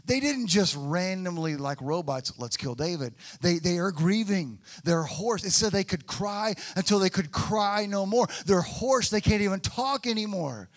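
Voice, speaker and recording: A pastor preaches a sermon, swinging between hushed, quiet passages and loud, emphatic ones while acting out the voices of people he quotes. His voice sits high and animated, at normal speed with hardly any pauses.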